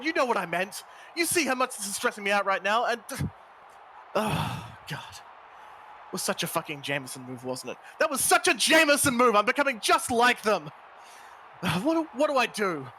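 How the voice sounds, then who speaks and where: A man plays a hot-headed wrestler in a homemade voice drama, with a high voice that swings wildly up and down as he snarls and curses. His tone is bright and tight, and a faint hiss of noise sits under it. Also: lively intonation, moderate pace, heavily acted. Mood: agitated. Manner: snarling, explosive, swears often. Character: angry volatile male wrestler, hot-tempered. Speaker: wrestler character. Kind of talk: amateur voice drama in a game.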